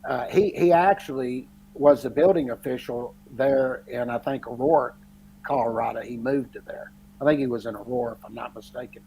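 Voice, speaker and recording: A man's voice: mid-range voice, normal speed, mellow, slight background noise, low-quality recording. A man telling a long story in casual chat, rambling and correcting himself as he goes. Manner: rambling, laughing anecdote with self-corrections.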